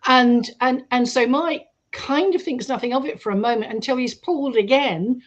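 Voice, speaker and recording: A woman, a guest on a radio show, telling a story in a lively way and acting out the quoted voices. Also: high voice, moderate pace, muffled recording. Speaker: guest researcher. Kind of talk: storytelling in an interview.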